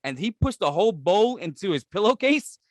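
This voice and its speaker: A middle-aged man from Brooklyn with a New York accent, co-hosting a podcast in casual, profane, comedic chat, animated and quick to laugh. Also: sits high, dry recording. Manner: animated, swears constantly, laughs often. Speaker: podcast co-host.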